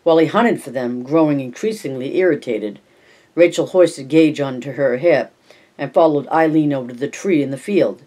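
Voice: medium pitch, moderate pace, warm tone. Stumbling amateur audiobook narrator. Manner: stumbling, self-correcting reading.

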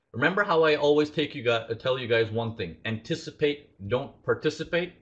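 A man's voice: medium pitch, lively intonation, fairly quick, hardly any pauses, highs cut off. A man teaching a live trading lesson, asking his audience questions and acting out traders' inner thoughts. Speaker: trading instructor.

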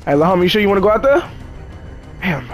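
Guy playing a game and talking to the characters, jokey, swears a lot, pretty high voice. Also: very animated, rapid-fire, faint music behind. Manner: joking, profane chatter to the game characters. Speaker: gamer. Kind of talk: casual gameplay commentary.

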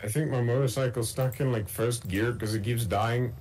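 A man's voice: medium pitch, fairly even intonation, normal speed, a little mellow, slight background noise. A man chatting casually while playing a video game, giving dry, teasing commentary. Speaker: gamer. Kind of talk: casual gameplay chat.

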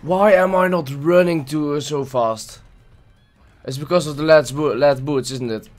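A man's voice: fairly high pitch, a little slow, faint music behind. A man giving live gameplay commentary, frustrated and swearing at the game as he plays. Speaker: gameplay video creator.

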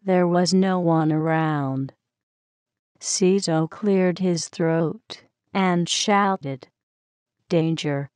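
Slow, gentle woman storyteller. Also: lowish voice, smooth, no echo, studio quality. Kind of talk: children's story reading.

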